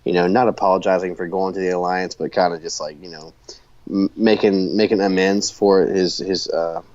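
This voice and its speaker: A man's voice: sits low, fairly even intonation, normal speed, a little mellow, no echo, dull audio. A man co-hosting a podcast, recapping in casual chat and rambling with lots of fillers and restarts. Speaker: podcast co-host.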